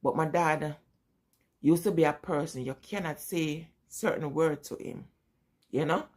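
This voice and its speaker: A woman's voice: low voice, unhurried, a little mellow. A middle-aged woman with a Jamaican accent telling family stories in a casual vlog, often breaking into laughter. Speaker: vlogger. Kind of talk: casual storytelling.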